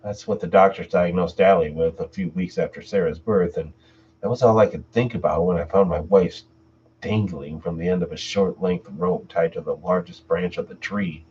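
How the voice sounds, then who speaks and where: Deep-voiced man reading horror stories. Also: fairly even intonation, normal speed, darkish tone, a little hiss or hum. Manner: chats casually with viewers between stories. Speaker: channel host and story narrator. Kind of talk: reading horror stories aloud on a live stream. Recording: distant mic, dull lo-fi sound.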